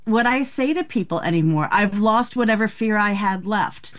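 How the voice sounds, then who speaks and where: A woman in her sixties, an author being interviewed, telling frank, animated stories about aging. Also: medium pitch, moderate pace. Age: 60s. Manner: frank, animated storytelling with laughs. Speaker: author guest. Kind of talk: candid interview talk.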